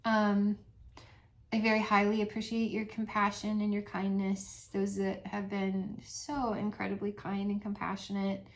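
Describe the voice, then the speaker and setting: A middle-aged woman talking casually to her channel's viewers, soft-spoken, with many pauses and frequent little laughs. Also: medium pitch, completely flat delivery. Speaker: channel host. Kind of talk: casual vlog chat to viewers.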